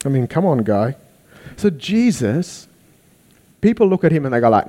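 A man preaching a sermon, animated, acting out the people he quotes. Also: medium pitch, moderate pace, long pauses. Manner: animated, acts out quoted voices.

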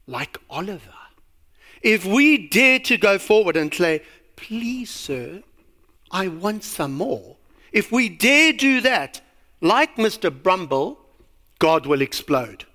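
A man's voice: high voice, pushed and bright. A man preaching a sermon, telling a story with a lot of animation and asking rhetorical questions.

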